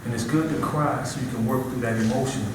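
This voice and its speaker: A man's voice: mid-range voice, fast. A man coaching a student in martial arts, firm and encouraging, asking him questions as he talks him through it. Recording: echoey room, voice from far off, noisy.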